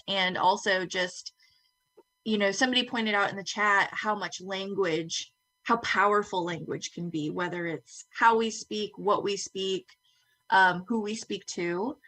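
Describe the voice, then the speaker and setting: A woman moderating a conference panel, thanking speakers and asking questions in a measured way. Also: mid-range voice, no room sound. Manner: warm thanks, measured, many ums.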